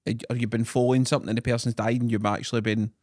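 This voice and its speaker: A man's voice: mid-range voice, flat delivery, very fast, darkish tone, no room sound, clean studio sound. A Scottish man co-hosting a podcast, trading blunt, sweary, teasing banter. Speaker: podcast co-host. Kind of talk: casual chat.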